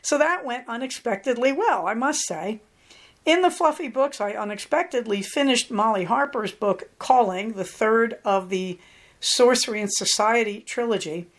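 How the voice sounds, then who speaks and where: A woman's voice: a little high, normal speed. A middle-aged woman hosting her own podcast, chatting through a personal story and acting out the lines people said. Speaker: podcast host. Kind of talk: casual personal monologue.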